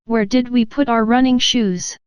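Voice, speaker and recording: A little man from a storybook, earnest and self-mocking as he talks himself past his fear, read by a woman. The voice is fairly high, very clear and dry. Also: steady tone, normal speed, no echo, lightly acted.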